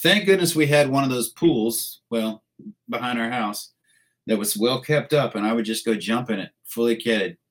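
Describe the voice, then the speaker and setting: A man's voice: mid-range voice, normal speed, poor audio. A man who is a military veteran, telling crude war stories in casual talk, laughing as he goes. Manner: crude, laughing, animated storyteller. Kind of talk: casual storytelling.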